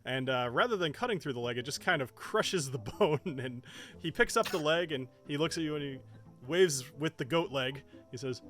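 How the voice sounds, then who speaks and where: Give me a man running a tabletop game with a bright, animated voice. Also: fairly high pitch, normal speed, faint music behind. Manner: lively, chuckling narration with frequent fillers. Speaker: dungeon master.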